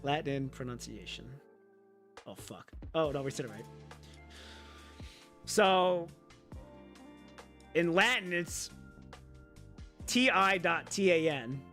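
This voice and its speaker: A man chatting casually to his viewers, rambling and thinking out loud with the odd swear. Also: fairly high pitch, expressive, slow pace, pauses often, soft background music. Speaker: streamer.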